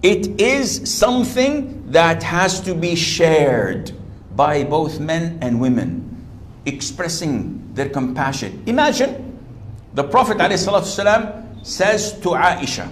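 Animated man preaching, slightly high voice. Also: a little slow, slight background noise. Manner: animated, acts out quoted voices. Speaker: Islamic preacher. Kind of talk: sermon lecture.

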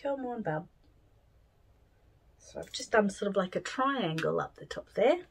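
An Australian woman giving a craft tutorial, rambling cheerfully and thinking out loud with plenty of fillers. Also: medium pitch, animated, normal speed, gravelly, breathy edge, poor audio. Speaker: doll-making tutor.

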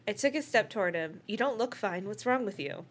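Female podcast co-host reading a novel aloud, mid-pitched, prone to laughter. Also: lively intonation, brisk, breathy edge. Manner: reads steadily, laughs between passages.

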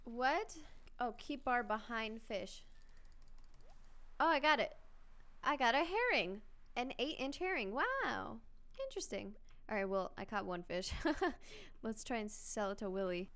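Excitable young woman playing a game. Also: on the high side, normal speed, smooth. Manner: chatty, excitable, reads game text aloud. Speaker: gaming channel host. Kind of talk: casual let's-play commentary.

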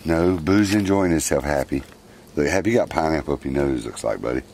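A man with a very low, deep voice talks fondly to his pet monkeys. His manner is coaxing and doting. He is recorded outdoors, with clear noise in the background. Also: animated, brisk, a little mellow. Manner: doting, coaxing, talks to the animals, chuckles often. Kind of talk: casual narration to camera. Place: outdoors at a picnic.

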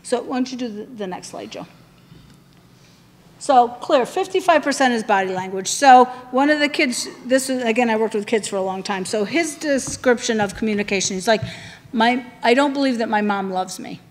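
A woman's voice: a little high, expressive, normal speed, long reverb tail. A woman leading a training session, talking conversationally and putting questions to the room.

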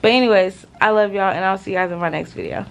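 A woman's voice: medium pitch, gravelly, highs cut off. A young woman talks straight to her viewers from a hospital room, worn out, her words drawn out and loose with slang. A faint hum of noise sits behind her voice. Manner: tired, drawn-out casual slang. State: exhausted. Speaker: vlogger. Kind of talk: casual talk to camera.

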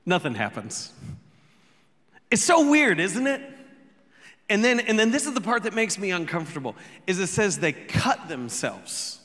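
A man preaching a sermon as pastor, telling the story with jokes, quick asides and sudden shouts. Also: high-pitched, very animated, long reverb tail. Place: church sanctuary.

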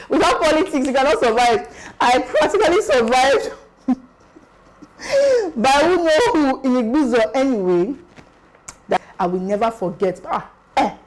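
Animated Nigerian woman vlogger. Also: medium pitch, poor audio. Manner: animated and exclamatory, slipping into Pidgin. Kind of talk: casual storytelling vlog.

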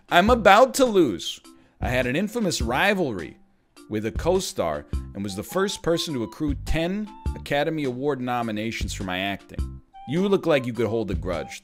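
Streamer type, male, animated pitch, wisecracking quiz commentary, faint music underneath. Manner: animated, jokey, thinking aloud while quizzing. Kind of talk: casual gameplay commentary.

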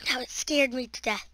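A woman with a high, very sharp and piercing voice talks her way through a game in unhurried let's-play commentary. She chatters to herself and bursts into shrieks and yells at every monster that appears. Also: slight background noise. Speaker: gaming channel host.

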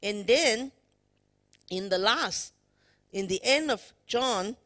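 At a church worship service, a woman preacher with a rather high, animated, slightly bright voice delivers an emphatic sermon slowly. She puts questions to the congregation and leans on "you know" as a filler.

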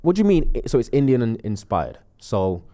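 A man co-hosting a casual live-stream chat, animated, laughing often, trailing off and restarting. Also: medium pitch, brisk. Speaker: co-host.

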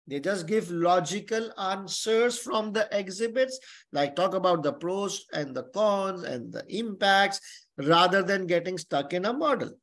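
A man's voice: high voice, lively intonation, unhurried, a bit bright. A man tutoring exam candidates in an online webinar lecture. He repeats his key points and keeps checking in with "okay?". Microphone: webinar microphone.

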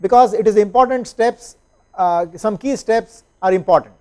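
A man's voice: high voice, normal speed, darkish tone, clean tone. A man, lecturing and answering questions, explaining step by step and often checking understanding with "right?" and "okay?".

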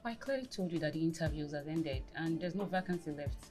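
A curt office receptionist. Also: female voice, deep voice, expressive, fast, music in the background. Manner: curt, dismissive.

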